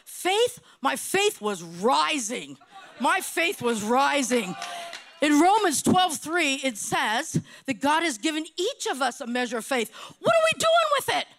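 A woman's voice: high voice, big pitch swings, slow pace, a bit bright, a little hiss or hum. A middle-aged woman preaching a sermon with passion, repeating phrases for emphasis.

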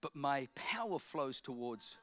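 A man voicing Jesus within a sermon, speaking slowly and quietly. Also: lively intonation. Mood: tender. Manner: hushed, slow and low. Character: calm, gentle adult male Jesus speaking softly.

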